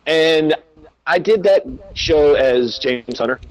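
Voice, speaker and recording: A man's voice: fairly high pitch, animated, slow, rough recording. A man from the American South with a Southern accent, telling stories as a wrestler guest in a casual interview, rambling with lots of filler words. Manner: rambling, frequent "uh" and "like", quotes others in dialogue.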